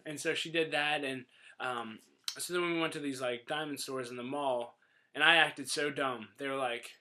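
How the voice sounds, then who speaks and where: A young man spins a story for the camera, joking at his own expense and slipping into other people's lines as he goes. His voice is bright and forceful and sits a little high for a man, and he talks in a loose, casual flow. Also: steady tone, fairly quick. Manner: joking, self-mocking, quotes others in voices. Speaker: vlogger telling his engagement story.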